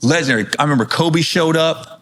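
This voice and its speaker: A man's voice: a little high, fast talker, fairly bright tone. A middle-aged man, a comedian guest, telling stories in casual chat, acting out other people's lines in raised voices and swearing freely.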